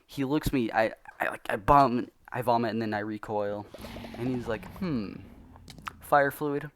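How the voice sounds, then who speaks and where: A man's voice: mid-range voice, steady tone, moderate pace, a little hiss or hum. A young man telling a story in a casual, rambling, self-mocking way, often laughing as he goes. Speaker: vlogger.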